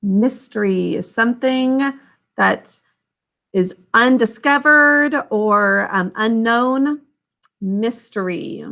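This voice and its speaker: A woman teaching a children's spelling lesson, sounding out words letter by letter and syllable by syllable in a slow, patient way. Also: mid-range voice, creaky, a bit bright. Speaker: literacy teacher.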